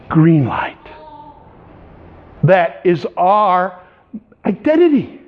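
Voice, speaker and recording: A male pastor preaching in a playful, animated storytelling style, with little vocal sound effects. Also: high-pitched, a little slow, narrow, tinny audio. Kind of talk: storytelling sermon.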